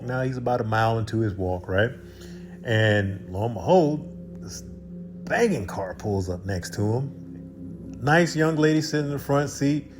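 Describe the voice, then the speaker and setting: A man's voice: mid-range voice, slight background noise. A man telling a spiritual parable in a loose, conversational way, with asides to his listeners. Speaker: storyteller. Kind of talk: casual spoken parable.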